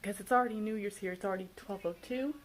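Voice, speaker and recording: A woman and mother vlogging from home at night, chatting excitedly to her viewers and keeping her voice down so her kids sleep. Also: mid-range voice, fast talker, poor audio. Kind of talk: casual vlog chat to viewers.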